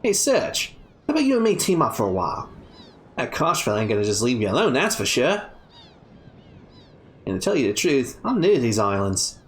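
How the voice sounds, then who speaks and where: A woman's voice: very deep voice, very animated, brisk, long pauses, pitched below the performer's own voice. A woman voicing a brash, cocky young girl with a put-on Australian accent, speaking in a slangy, teasing way.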